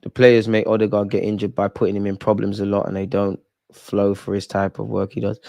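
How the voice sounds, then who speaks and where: A young man hosting a live football watch-along, talking at the players on screen and yelling at big moments. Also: on the low side, a little fast, vocal fry. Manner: excitable, talks to the players on screen; shouts and yells at goals and chances.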